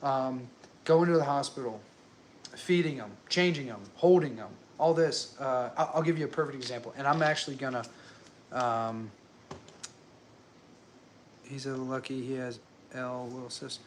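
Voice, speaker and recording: A man's voice: mid-range voice, normal speed, long pauses, slight background noise. A young man talking casually to camera at home, rambling and chatty, with many fillers and restarts. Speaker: working dad vlogger. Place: his home.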